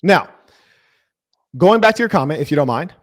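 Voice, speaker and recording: Insistent high-pitched man hosting a debate. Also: expressive, moderate pace, no room sound, studio quality. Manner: insistent, lecturing, repeats demands. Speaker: debate host. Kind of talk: heated live-stream debate.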